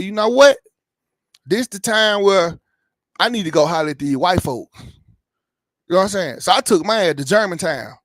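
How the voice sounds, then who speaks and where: High-voiced man in his thirties, profane and rambling. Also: lively intonation, moderate pace, pauses often, a bit bright, no room sound, clean studio sound. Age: 30s. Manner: rambling, profane storytelling, keeps asking "you know what I'm saying". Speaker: YouTube reaction channel host. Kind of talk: casual personal health update.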